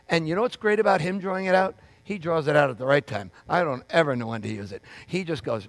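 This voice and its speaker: A man's voice: on the high side, fast, hardly any pauses, no echo. A man preaching a sermon as pastor, in a conversational way, acting out the voices of people he quotes.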